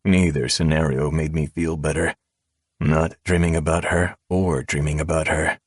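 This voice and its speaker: A man narrating a dark audiobook in the first person with a calm, measured drawl. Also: a bass voice, no echo, studio quality. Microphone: close studio mic.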